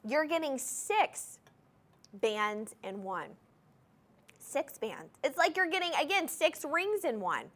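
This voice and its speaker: Very animated yet slow, a high, somewhat bright woman's voice pitches jewelry live on a studio shopping show. Gushing to the viewers directly, she emphasizes by repeating item numbers and key phrases again and again.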